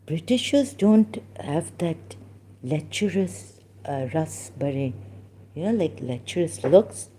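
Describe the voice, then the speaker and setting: A woman from Pakistan, telling a personal story in a halting way, full of restarts and fillers and the odd Urdu phrase. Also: low-pitched, expressive, warm tone, a little hiss or hum.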